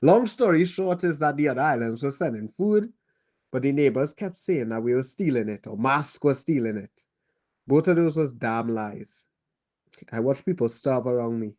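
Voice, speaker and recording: A man's voice: medium pitch, expressive, darkish tone, natural voice. A man playing a weary Trinidadian war survivor. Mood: somber. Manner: halting, grave, pauses and restarts. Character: weary male survivor telling a child of war. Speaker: storyteller. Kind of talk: dramatic monologue.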